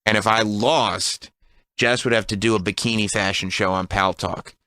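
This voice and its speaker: A radio co-host in his thirties telling a long story in casual banter, animated and laughing often. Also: lowish voice, normal speed, no echo. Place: radio studio.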